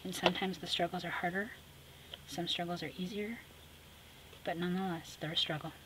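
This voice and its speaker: A woman vlogger who chats casually while she works on a sketchbook collage, talking to herself and often dropping to a soft murmur. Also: lowish voice, fairly even intonation, a little fast, noisy background. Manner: chatty, talks to herself while working, drops to a soft murmur. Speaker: craft vlogger. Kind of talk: casual talk while crafting.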